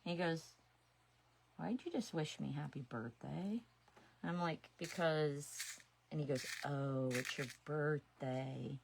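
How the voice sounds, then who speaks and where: A woman's voice: low-pitched, slow, gravelly, a little hiss or hum. A woman in her sixties chatting casually on a craft livestream, talking to herself as she works. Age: 60s. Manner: chatty, talks to herself while working. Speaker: resin artist streaming live.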